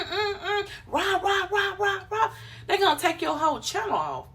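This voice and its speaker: A woman giving casual YouTube channel advice, animated and playful, acting out quick voices of others. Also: sits high. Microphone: phone camera.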